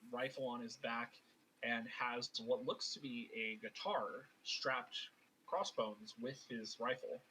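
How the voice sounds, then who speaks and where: A man narrating as game master of a tabletop game, casual and animated, with lots of filler words. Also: medium pitch, slow pace, a little hiss or hum, low-quality recording.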